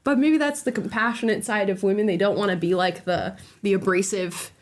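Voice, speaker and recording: A woman co-hosting a casual reaction podcast, talking in an animated, opinionated way and laughing easily. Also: medium pitch, fairly quick. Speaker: podcast co-host.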